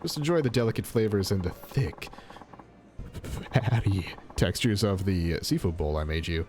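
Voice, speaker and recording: A man's voice: low-pitched, expressive, moderate pace, darkish tone, a little hiss or hum. A man reading out a boastful, impulsive middle-aged sushi chef from a video game in a hearty, self-assured way. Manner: hearty, self-assured, prone to grand pronouncements. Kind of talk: reading game dialogue aloud.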